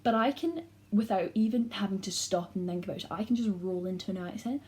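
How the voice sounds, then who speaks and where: A woman's voice: mid-range voice, a little fast, a little mellow. A teenage girl with a Scottish accent, chatting casually to camera in a vlog and leaning heavily on "like" fillers. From Scotland. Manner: chatty, heavy use of "like" fillers. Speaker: YouTuber.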